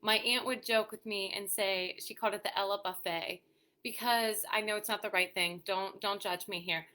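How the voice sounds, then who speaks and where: A woman hosts a weekly live show for mothers, chatting casually and answering viewer comments. Her medium-pitched voice is bright and forceful, with fairly even intonation and normal speed, and she uses lots of "you know" and "um."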